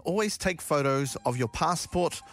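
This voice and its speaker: A man's voice: a little high, animated, normal speed, faint music behind. A man with a New Zealand accent co-hosting a radio show, chatting casually and rambling a little. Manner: laid-back, rambling, says man a lot. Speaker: radio host. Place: radio studio.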